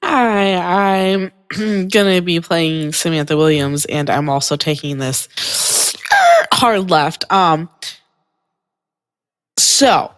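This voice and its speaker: A woman co-hosting a casual podcast, speaking slowly and deliberately with frequent pauses. Her voice is fairly low for a woman, and a long reverb trails behind her words. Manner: measured, with frequent ums. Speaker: podcast co-host. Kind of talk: casual chat.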